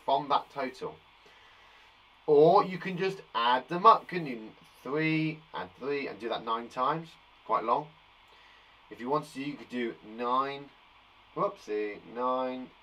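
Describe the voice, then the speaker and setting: A man's voice: mid-range voice, a bit bright, a little hiss or hum. A man from England, a primary school teacher giving a live online maths lesson to young children, playful and encouraging, chatting to viewers by name.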